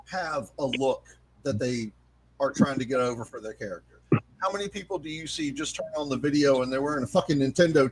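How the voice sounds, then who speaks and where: A man's voice: mid-range voice, a little hiss or hum, low-quality recording. A man in a casual podcast chat, explaining his opinions at length and swearing now and then.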